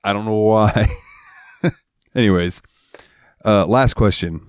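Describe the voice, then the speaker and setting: Lowish and slow, this man's voice has a clean tone on a dry, studio-quality recording. Co-hosting a podcast, he spins profane, casual stories and brings the characters to life by doing their voices.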